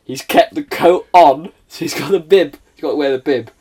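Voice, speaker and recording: Welsh man telling animated stories. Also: on the high side, moderate pace, slightly rough. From Wales. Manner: animated storyteller, laughs often. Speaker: guest, former footballer. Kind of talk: casual chat.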